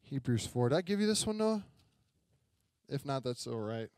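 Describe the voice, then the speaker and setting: A man's voice: mid-range voice, sing-song, normal speed, darkish tone, no echo. A young adult man preaching a sermon, telling a story in a chatty way and often asking the congregation questions. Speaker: pastor. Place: church sanctuary.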